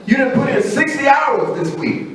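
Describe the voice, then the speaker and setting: A man preaching a sermon, telling the story conversationally and acting out quotes in a low voice. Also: very animated, moderate pace, crowd noise. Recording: very echoey room, voice from a distance.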